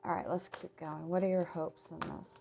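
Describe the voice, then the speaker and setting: A hoarse woman, losing her voice, giving a casual tarot reading in a halting way, restarting her words and filling with "like". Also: on the low side, level tone, darkish tone, soft background music. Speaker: tarot reader.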